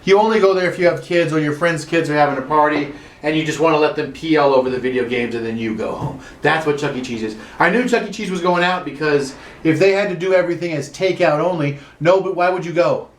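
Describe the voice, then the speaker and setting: A man's voice: a little high, quick pace, roomy sound. A standup comedian man ranting sarcastically from his room, swearing and building into mock outrage. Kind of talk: solo comic rant.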